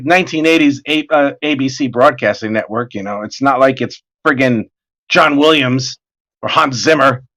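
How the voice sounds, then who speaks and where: A man in his forties tells long, rambling stories in casual chat, swearing freely. His voice sits high and jumps around a lot, with a bright, forceful edge. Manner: animated, rambling, profane storyteller. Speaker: artist streaming his work.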